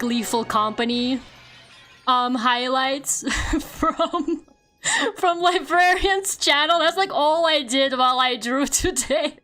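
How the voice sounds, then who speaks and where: A woman's voice: high-pitched, sharp tone. A woman VTuber chatting casually while she draws on stream, rambling, laughing often and swearing offhandedly. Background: faint video game soundtrack music.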